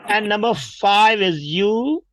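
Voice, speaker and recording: A man's voice: high voice, normal speed, crowd noise. A man with a Pakistani English accent, teaching pronunciation in an online workshop and drilling words for the class to repeat. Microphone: video call.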